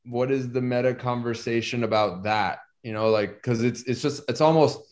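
Man, workshop participant, mid-pitched, halting, searching for words. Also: darkish tone. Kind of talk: sharing an experience in a group.

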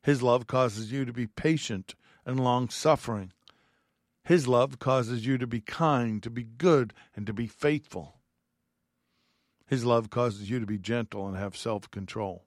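A man teaches from the Bible in an earnest, heartfelt way, reading scripture aloud between his own thoughts. His voice sits at an ordinary middle pitch. The recording is close and dry, with no room sound. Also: a little slow, no echo.

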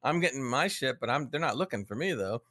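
A man's voice: medium pitch, expressive, fast talker, sharp tone, no echo, studio quality. A man on a podcast, casually telling a gaming story with chuckles and friendly asides. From United States. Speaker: podcast co-host. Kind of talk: casual chat.

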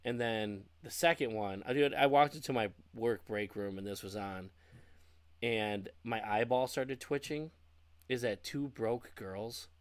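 A man's voice: medium pitch, a little slow, no echo. A man co-hosting a podcast, ranting casually about bad TV shows with plenty of swearing. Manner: profane, animated ranting. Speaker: podcast co-host.

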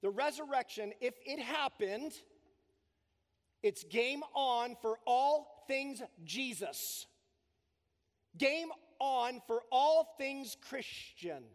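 Emphatic high-voiced pastor in a reverberant hall. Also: male voice, lively intonation, slow. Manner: emphatic, preaching with strong build-ups and drops. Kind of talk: sermon. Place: church sanctuary. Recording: long reverb of a church hall.

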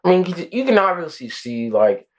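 A man co-hosting a podcast in casual chat, expressive and swearing heavily. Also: a little high, normal speed. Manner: loud, expressive, heavy swearing. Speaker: podcast co-host.

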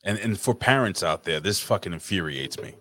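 A man's voice: sits low, lively intonation, brisk, bright, forceful tone. A man hosting a casual chat over a remote call, blunt, profane and teasing. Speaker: podcast host.

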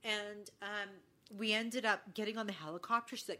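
This woman, co-hosting a podcast, speaks at a fairly quick clip in a medium-pitched, sharp voice. Her talk is casual, and she performs bits of dialogue as her story unfolds.

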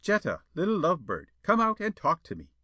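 A man voicing a peevish, pleading male suitor with a Spanish-speaking manner, in a high, strident, whining voice. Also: wildly swooping pitch, brisk, pushed and bright, breathy edge, no echo, exaggerated voice.

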